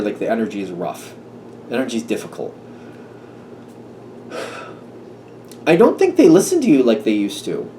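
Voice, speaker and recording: A man's voice: medium pitch, warm tone. Guy doing a chill tarot reading, kinda hesitant, lots of ums and restarts, faint background hum. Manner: musing, hesitant, full of fillers and restarts. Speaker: tarot reader. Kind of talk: casual tarot reading monologue. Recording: slightly distant mic with faint room noise.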